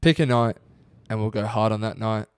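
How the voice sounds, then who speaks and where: A young man with an Australian accent, co-hosting a podcast and telling stories in a relaxed, casual way. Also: lowish voice, moderate pace, smooth, no echo, clean studio sound. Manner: laid-back storytelling, swearing freely. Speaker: podcast co-host. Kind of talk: casual chat.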